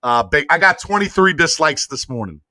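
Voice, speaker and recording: A man's voice: a little high, moderate pace, no room sound, studio quality. A man hosting a casual sports podcast livestream, talking in loose slang and urging viewers to hit like. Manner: animated, slangy, begs viewers for likes. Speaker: podcast host.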